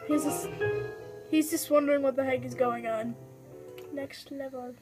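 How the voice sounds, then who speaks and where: A young woman giving excitable, giggly let's-play commentary on a game, chatting to her viewers as she plays. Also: high-pitched, moderate pace, music in the background. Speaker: gaming video host.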